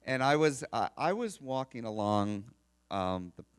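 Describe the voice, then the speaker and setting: A man's voice: medium pitch, a little slow, clear, resonant tone. Chatty man telling stories on stage. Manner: chatty, animated, restarts and laughs. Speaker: speaker telling stories at an expo. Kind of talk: storytelling talk to a live audience.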